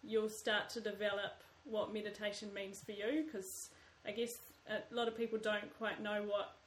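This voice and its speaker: A woman's voice: mid-range voice, level tone, normal speed, a little hiss or hum. A woman in casual chat, thoughtful and a little hesitant as she searches for words. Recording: echoey room.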